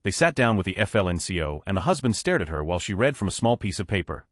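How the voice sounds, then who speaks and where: A low-voiced man narrates Reddit stories at a fast clip. His pitch moves a lot as he reads, and the recording is dry and close. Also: very animated, no echo. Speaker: story narrator. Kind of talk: reading Reddit stories aloud.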